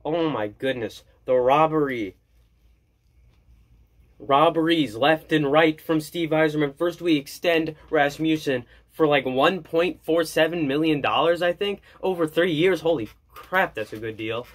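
A man vlogging as an excited hockey fan, gushing and jokey, repeating his lines. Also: on the high side, a little slow. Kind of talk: excited fan commentary to camera.

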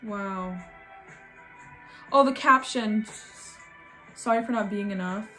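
A woman's voice: medium pitch, slow pace, faint music behind. A young woman talking casually and thoughtfully in a reaction vlog, with many fillers. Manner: soft-spoken, musing, filler-heavy. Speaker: vlogger reacting to videos.

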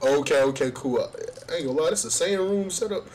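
A man's voice: fairly high pitch, a little fast, a little mellow, low-quality recording. A young man hosting a casual street interview, talking loosely in slang and laughing often. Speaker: host asking strangers questions.

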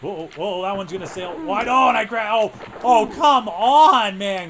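A young man giving casual play-by-play commentary on a hockey video game, muttering between plays and yelling when the action heats up. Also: high-pitched, measured pace, hardly any pauses, background noise. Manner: swings from muttering to shouting at big plays. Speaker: let's play host.

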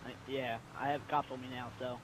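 A young man chatting excitedly while playing a multiplayer game, stammering and laughing. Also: medium pitch, fairly quick, slight background noise. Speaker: co-player. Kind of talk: casual multiplayer game chat.

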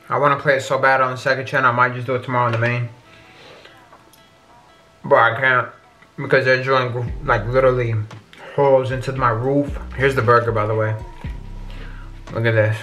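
A young man talking in a casual vlog, slangy and rambling, often getting animated. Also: mid-range voice. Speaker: YouTuber. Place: car at a drive-thru, then indoors at home.

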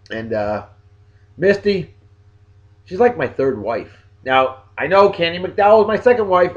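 A man's voice: a little high, lo-fi sound. A man with a New England accent hosting a casual video blog, joking as he talks straight to his viewers. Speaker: vlog host giving shout-outs.

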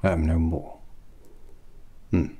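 A man voicing an eccentric, rambling British hat maker with a British accent in whispered role-play, soft and breathy, pompous and full of puns. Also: rumbling low, fairly even intonation, slow, a little hiss or hum. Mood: fussy. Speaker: milliner.

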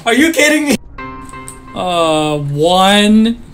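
Gamer, horror let's-play, very animated delivery, slow pace, nervously laughing and easily startled. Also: medium pitch, faint music behind. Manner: jumpy, laughs nervously, frequent startled exclamations. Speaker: gamer playing a horror game.

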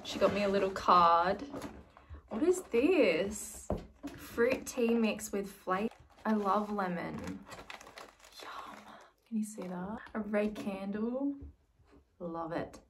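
Gushing young woman, slow and excitable. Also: medium pitch. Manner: gushing, excitable, swings between squeals and soft murmurs. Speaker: vlogger. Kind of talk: casual vlog, unboxing a gift. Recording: slightly distant mic with faint noise.

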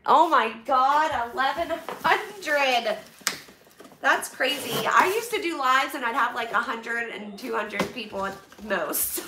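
High-voiced gushing woman live-streaming. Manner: gushing, emotional, thanks viewers often. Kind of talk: casual live-stream chat while unboxing donations. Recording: roomy, far from the mic, noisy.

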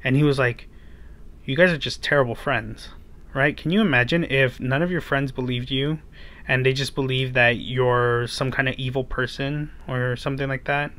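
A man's voice: medium pitch, steady tone, normal speed, a bit bright. Casual male children's preacher. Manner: casual retelling with many fillers; asks listeners rhetorical questions. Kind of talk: storytelling sermon for kids.

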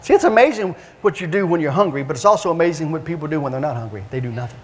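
Male evangelist, high voice, animated storytelling sermon, long hall reverb. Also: rapid-fire. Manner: animated, repetitive, emphatic. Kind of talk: preaching with storytelling. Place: church sanctuary.

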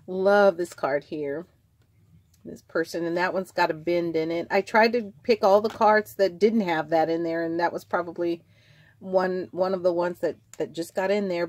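A middle-aged woman in casual show-and-tell chat, rambling warmly and drifting into tangents. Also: fairly low pitch. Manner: chatty, rambling, trails off into tangents. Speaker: vlogger selling vintage craft supplies.

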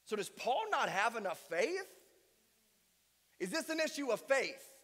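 A man's voice: very high voice, sing-song, unhurried, a bit bright, long reverb tail. A male pastor preaching a sermon with emphatic delivery and strings of rhetorical questions. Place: church sanctuary.

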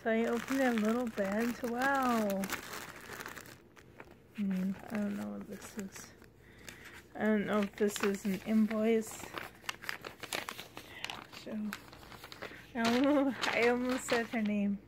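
A young woman talks slowly through an unboxing at home, her voice a touch high. She gushes with delighted exclamations as she shows off each gift. A faint hiss sits behind her voice. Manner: gushing, excited exclamations. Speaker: vlogger. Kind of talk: unboxing vlog chat.

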